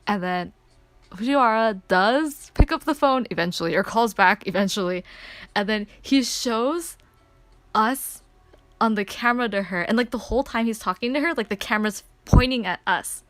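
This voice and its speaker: A woman streamer telling a story in casual chat, excitable and rambling, with lots of filler words. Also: on the high side, normal speed, no echo.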